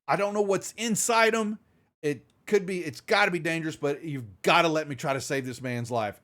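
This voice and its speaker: Panicked doctor, male, shaking and pleading, voice pushed high , a man putting him on. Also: big pitch swings, a little slow, fairly bright tone, heavily acted. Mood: desperate. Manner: shaky, pleading, desperate. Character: frightened male doctor guarding a patient.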